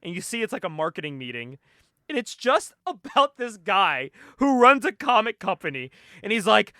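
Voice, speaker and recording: Guy on a comic podcast, high bright voice, laughs a lot, dry close mic. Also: dry recording. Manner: animated, laughs often, acts out characters in quick voices. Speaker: podcast co-host. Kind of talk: casual comic book podcast chat.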